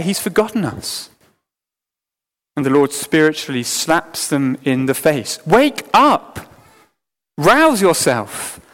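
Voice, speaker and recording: Earnest male preacher in a reverberant hall. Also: medium pitch. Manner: earnest, emphatic, with sudden drops to quiet. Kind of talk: sermon.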